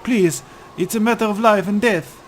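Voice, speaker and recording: A man's voice: medium pitch, a little slow, a little hiss or hum, pitched below the performer's own voice, lightly acted. A man voicing a nervous young boy who speaks in an odd accent, stammering and pleading in a let's-play.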